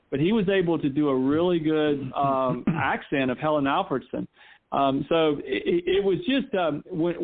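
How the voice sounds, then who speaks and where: A man from North Carolina, a golf instructor guest chatting casually in an interview and rambling with frequent restarts. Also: on the high side. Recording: tinny phone line.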